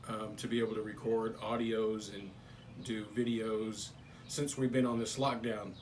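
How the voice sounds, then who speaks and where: A man pastor co-hosting a casual live stream from a home studio, relaxed and easygoing with stumbling restarts. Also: fairly low pitch, measured pace, a little hiss or hum. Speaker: pastor and co-host. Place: spare room turned home studio.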